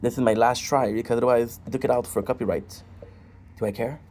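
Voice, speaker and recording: A man talking off the cuff on a livestream, drifting from point to point at an ordinary, middling pitch. He keeps checking in with his chat through rhetorical questions, over a faint hiss behind him. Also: fairly even intonation, fast talker, a little mellow. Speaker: gaming streamer.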